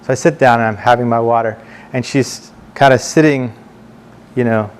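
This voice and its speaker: A man speaking to a board meeting, telling anecdotes in a halting way, repeating words and slowing down for emphasis. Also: medium pitch, smooth. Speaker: board member addressing the board. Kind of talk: storytelling speech to a meeting. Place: meeting room, speaking standing before a group.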